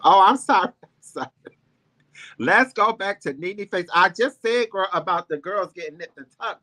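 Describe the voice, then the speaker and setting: A sassy man dishes celebrity gossip to a live audience in a loose, rambling chat. His voice sits a bit high and rings bright and forceful. He keeps tossing in "girl" and "honey" between the ums. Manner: sassy, chatty, calls viewers girl and honey; rambling with many ums and restarts. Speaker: host of a celebrity gossip livestream. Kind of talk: casual chat with live viewers.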